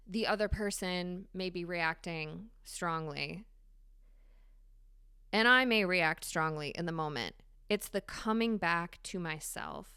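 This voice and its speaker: A woman hosting a solo podcast, talking candidly and swearing freely with animated emphasis. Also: fairly low pitch, clear, resonant tone, no room sound, studio quality. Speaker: podcast host. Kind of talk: casual solo podcast monologue.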